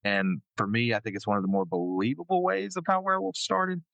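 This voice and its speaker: A man's voice: mid-range voice, fairly quick, creaky, a bit bright, no room sound. A man with a country accent hosting a podcast, easygoing and laid-back. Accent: American country. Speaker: podcast host. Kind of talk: casual chat.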